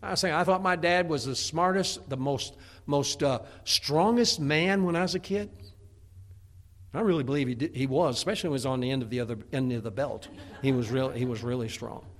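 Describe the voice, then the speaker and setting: Gravelly, folksy man preaching. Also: medium pitch, brisk. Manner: folksy, repetitive, stammering restarts. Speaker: pastor. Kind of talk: sermon.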